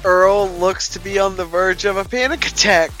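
A man's voice: sits high, moderate pace, pushed and bright, faint music behind, rough recording. A man playing a character in a tabletop role-playing game, swearing a lot and describing his character's actions. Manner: profane, laughing, plays his character in third person. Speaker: player. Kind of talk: casual tabletop play.

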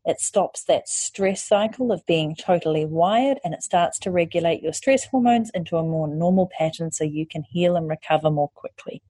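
A woman with a low, husky voice talks through her advice in a casual podcast monologue. Her tone is mellow and warm, and she speaks candidly with the odd swear word. The sound is close and dry, with no room around it. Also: expressive, normal speed, hardly any pauses, no echo. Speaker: podcast host and online course creator.

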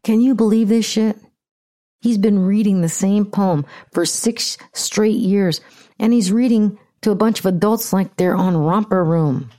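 A woman's voice: mid-range voice, a little slow, dark tone. An American woman hosting a podcast with blunt, profane, ranting casual commentary. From United States. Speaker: podcast host.

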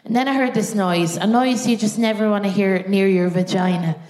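A woman doing a live stand-up set, telling an animated story and laughing through her punchlines. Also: mid-range voice, fairly quick. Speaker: stand-up comedian. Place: large theatre stage. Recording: echoey theatre, audience laughter.

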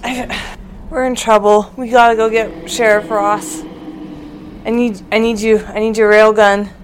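A woman's voice: fairly high pitch, level tone, measured pace, a little hiss or hum, poor audio. A woman player voicing her deputy character in a tabletop game, dropping into character outbursts. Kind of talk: tabletop role-play.

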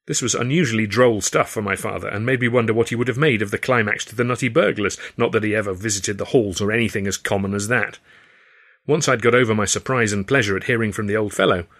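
A man narrating his own novel in the first person, in a wry, measured storytelling manner. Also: lowish voice, a bit bright. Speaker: author reading his novel.

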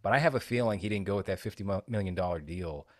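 Deep-voiced wry man, dry sound. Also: animated, a little mellow, no room sound. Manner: wry, measured, swears casually. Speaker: podcast host. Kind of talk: casual podcast chat.

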